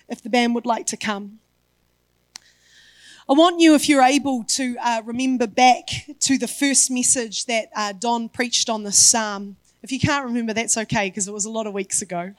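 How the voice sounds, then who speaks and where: A woman's voice: fairly high pitch, moderate pace, dry recording. A woman pastor preaching a sermon, emphatic and building her points through repetition.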